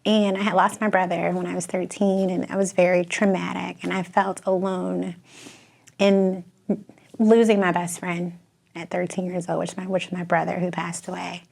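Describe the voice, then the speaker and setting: Chicago-accented woman, talk guest, heartfelt storyteller with a gravelly edge. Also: on the low side, normal speed. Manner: expressive storyteller, laughs and tears up. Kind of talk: emotional personal story.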